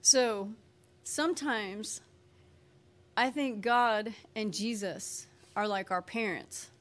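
A woman giving a conversational personal testimony in a chatty, folksy way, full of "you know" and "like", sometimes acting out quoted voices with lively energy. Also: medium pitch, slow. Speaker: speaker sharing her faith testimony.

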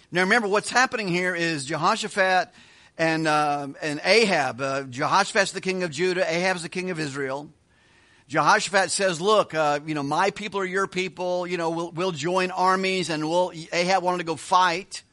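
A man teaching a Bible study as a pastor, retelling scripture with quick voiced asides and chuckles. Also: sits high, bright, forceful tone.

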